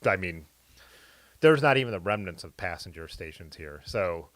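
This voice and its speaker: A man's voice: low-pitched, animated, normal speed, dry recording. A man hosting a casual live stream who rambles through long questions in a conversational way. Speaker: host. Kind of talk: casual chat.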